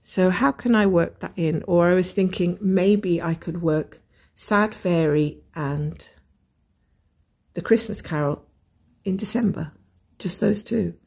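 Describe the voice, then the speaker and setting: A woman's voice: fairly low pitch, slow, gravelly, a little mellow, slightly rough. A woman with a Scottish accent hosting a casual stitch-along chat, thinking aloud and weighing her options. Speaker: host of a cross-stitch channel.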